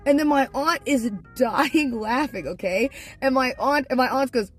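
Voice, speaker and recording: Animated young woman streamer telling stories. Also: sits high, normal speed, soft background music. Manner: animated, laughs often, swears freely. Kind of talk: casual storytelling to stream viewers.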